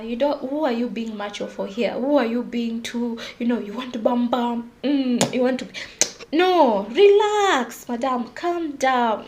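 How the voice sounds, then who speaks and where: A young woman hosting a casual solo podcast, confiding and animated, often laughing at herself. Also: high voice. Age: young adult. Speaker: podcast host.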